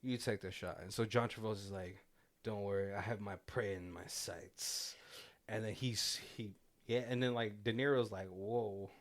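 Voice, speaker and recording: A man's voice: lowish voice, steady tone, normal speed. Guy on a movie podcast, walking through the plot, doing the characters' lines, laughs a lot. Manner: retells scenes with quoted lines and frequent laughs. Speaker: podcast host. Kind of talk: casual movie commentary chat.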